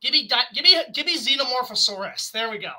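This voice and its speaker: Excited woman doing a movie review, high pitched, super bright, swears a bit. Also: fast talker, low-quality recording. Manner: excitable, enthusiastic, swears casually. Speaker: film reviewer. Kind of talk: casual film review chat.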